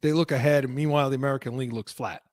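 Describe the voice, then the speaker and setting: A man's voice: mid-range voice, fairly even intonation, racing, dry recording, studio quality. Rambling sports host, a man. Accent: New England. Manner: loose, rambling talk with fillers, trailing off quietly. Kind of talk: casual sports chat.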